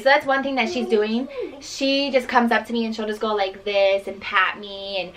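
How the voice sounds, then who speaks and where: A woman's voice: fairly high pitch, flat delivery, moderate pace, fairly bright tone, far from the mic, low-quality recording. A young woman chatting casually about her toddler as a mom vlogger, with lots of fillers. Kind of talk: casual chat.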